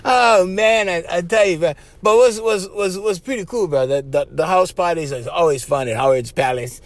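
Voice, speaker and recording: A man with a Hawaiian Pidgin accent hosting his podcast, telling stories in a loose, laughing, animated way. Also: high voice, normal speed, no room sound. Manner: animated, laughs often, says bro constantly. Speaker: podcast host. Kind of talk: casual storytelling monologue.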